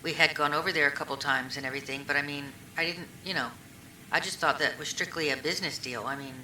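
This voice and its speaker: A woman's voice: sits low, fairly even intonation, quick pace, pushed and bright. A woman answering questions in a recorded police interview, rambling and retelling old conversations with lots of fillers. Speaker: witness being questioned. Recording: echoey room recording, faint hiss.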